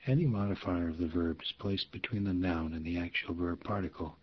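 A deep-voiced man reads through a language lesson, his voice breathy and hushed, sometimes dropping to a whisper. He takes his time and repeats each example phrase patiently. The recording sounds a little dull and lo-fi. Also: steady tone, brisk. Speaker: language teacher reading from a textbook. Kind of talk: soft-spoken language lesson reading.

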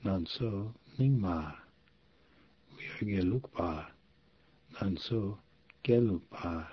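Slow, breathy deep-voiced man teaching. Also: highs cut off. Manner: slow, patient repetition of example phrases. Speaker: language teacher reading from a textbook. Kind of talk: soft-spoken language lesson reading.

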